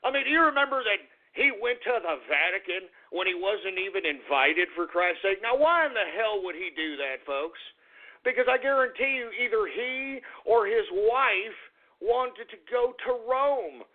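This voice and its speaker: A man's voice: sits high, lively intonation, normal speed. A male talk radio host in a mocking, profane political rant, laughing at his listeners. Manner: mocking, swearing, cackling. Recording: phone-like lo-fi radio audio.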